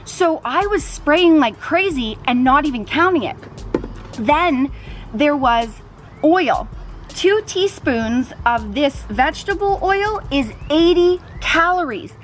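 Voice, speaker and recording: High-voiced woman giving diet tips. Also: lively intonation, takes it slowly, soft background music. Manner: chatty, explaining step by step. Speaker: weight loss vlogger. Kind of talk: casual to-camera advice. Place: outdoors in a backyard.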